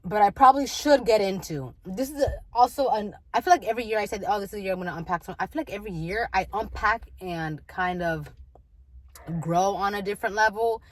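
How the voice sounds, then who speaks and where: A woman's voice: medium pitch, brisk, dry recording, low-quality recording. A young woman talking candidly in a casual vlog, rambling with many fillers and restarts. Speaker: vlogger.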